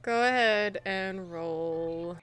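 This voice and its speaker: A woman game master who narrates a tabletop horror game in a relaxed, matter-of-fact way. Her voice is bright and crisp, with faint music in the background. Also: medium pitch, extremely slow.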